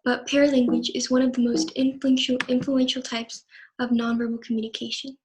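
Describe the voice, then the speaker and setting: Flat-voiced young woman presenting. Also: fairly high pitch, a little fast, slight background noise, poor audio. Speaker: student presenter. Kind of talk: scripted class presentation.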